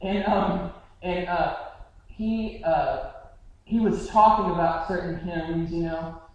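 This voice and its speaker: A man preaching a sermon in an earnest, conversational way, often restarting his phrases. His voice sits fairly high. He is heard from a distance in a very echoey church sanctuary. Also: takes it slowly, lo-fi sound, a little hiss or hum. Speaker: pastor. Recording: very echoey hall, mic far off.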